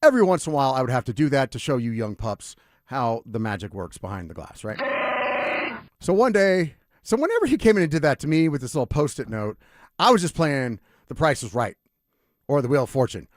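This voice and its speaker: A middle-aged man holds the mic on a sports talk show. His voice swoops up and down as he rambles through an animated story. The studio sound is close and dry, with no room echo. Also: medium pitch, fairly quick. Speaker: sports radio host. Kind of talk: casual radio talk and storytelling. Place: radio studio.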